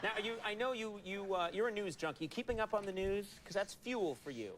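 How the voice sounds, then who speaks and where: A man hosting a talk show, asking his guest playful questions in an animated way. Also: sits high, brisk, a little hiss or hum.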